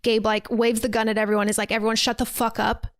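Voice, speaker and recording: A woman's voice: on the high side, little pitch movement, fast talker, dry recording, studio quality. Chatty woman recapping a movie. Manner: chatty, acts out quotes, swears freely. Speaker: podcast host recapping a movie.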